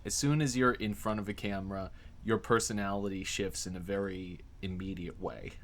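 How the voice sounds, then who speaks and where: Very deep-voiced male interviewer. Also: steady tone, normal speed, a little hiss or hum. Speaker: interview host.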